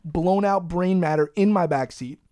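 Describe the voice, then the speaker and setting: A man, hosting a podcast and telling a profane, animated story in a casual way. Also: high-pitched, normal speed, no echo. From Long Island, New York. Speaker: podcast host.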